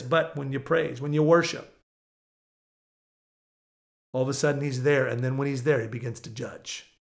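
A middle-aged man preaching a sermon, fervent, swinging between loud proclaiming and hushed, intimate passages. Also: medium pitch, brisk, long pauses.

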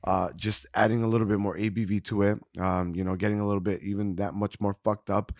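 A man with a lowish voice rambles through his beer ratings, hunting for words with plenty of ums and easy laughs. He sounds close and dry, as if right on the mic. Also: level tone, fast, darkish tone, dry recording. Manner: rambling, many fillers, laughs often. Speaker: podcast co-host. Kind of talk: casual beer-tasting chat.

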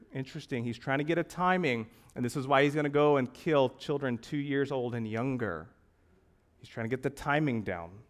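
A male pastor delivers a sermon full of rhetorical questions, moving back and forth between loud, emphatic lines and quiet ones. His voice sits on the high side.

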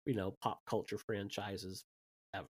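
A man's voice: fairly low pitch, little pitch movement, normal speed, slightly rough. A man co-hosting a casual film podcast, chatting and listing an actor's roles with frequent "like" fillers. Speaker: podcast co-host.

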